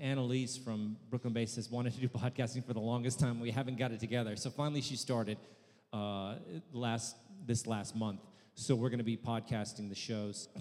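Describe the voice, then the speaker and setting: A man's voice: mid-range voice, a little mellow. A man hosting a live storytelling show, introducing the next guest in a chatty way with stumbling restarts. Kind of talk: stage introduction. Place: live venue stage. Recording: long hall reverb.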